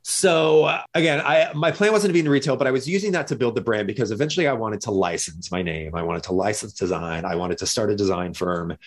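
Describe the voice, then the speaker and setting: A man from Missouri, USA, speaks in a voice on the low side as an interview guest. He tells his story conversationally, acting out other people's lines in quoted voices.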